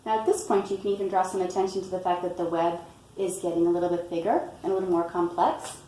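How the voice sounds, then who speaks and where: A woman reading a picture book aloud and explaining storytime tips in a patient way, often pausing with "um" and "you know". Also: on the low side, fairly even intonation, mellow, a little hiss or hum. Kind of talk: instructional read-aloud tutorial. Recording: roomy, from a distance, faint ambience.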